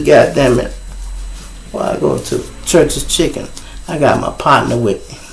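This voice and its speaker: A middle-aged man with a Chicago accent, hosting his show and telling a profane, animated story in a casual way. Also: medium pitch, creaky, slight background noise. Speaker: show host. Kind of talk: storytelling on a livestream.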